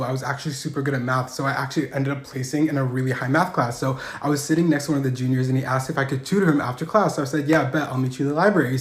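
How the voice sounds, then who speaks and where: Fast, animated young man telling stories. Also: roomy sound. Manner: fast, animated, voice shooting up high and loud at punchlines. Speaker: storyteller. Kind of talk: comedic storytime monologue.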